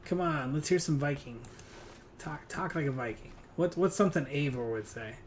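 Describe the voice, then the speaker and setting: A man's voice: on the high side, moderate pace, slight background noise. A man streaming a hunting game, chatting casually and teasing a friend with lots of fillers. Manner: rambling and teasing, with frequent fillers. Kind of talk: casual gaming stream chat.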